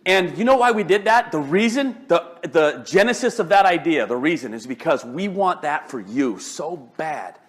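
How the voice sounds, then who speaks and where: An older man giving a live motivational talk, animated and joking, often restarting his sentences. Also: a little high, normal speed, hardly any pauses. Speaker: motivational speaker.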